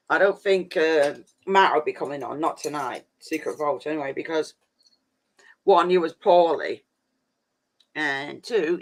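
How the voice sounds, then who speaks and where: A man chatting casually on a live stream, rambling and saying "flipping" a lot. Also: on the high side.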